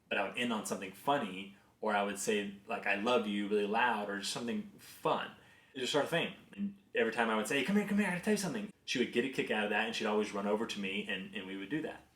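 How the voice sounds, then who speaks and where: A man's voice: fairly low pitch, fast talker. A man in his thirties, a business executive, sharing career lessons through earnest, conversational personal stories. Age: 30s. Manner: conversational, earnest, animated in anecdotes. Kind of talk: reflective personal storytelling and advice. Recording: roomy echo.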